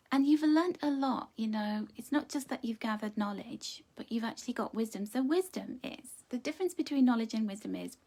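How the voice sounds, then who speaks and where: Gentle middle-aged woman reading angel cards live, chatty n encouraging, a bit higher voice. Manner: gentle, encouraging, chatty, greets viewers by name. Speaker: angel card reader. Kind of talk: live pick-a-card reading.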